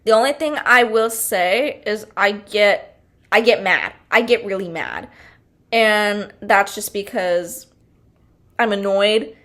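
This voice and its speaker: A woman's voice: mid-range voice, slow pace, a bit bright. A young woman hosting a podcast, talking casually in a chatty, bubbly, fired-up way with lots of fillers and laughter. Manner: frank and fired-up, with frequent laughter. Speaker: podcast host.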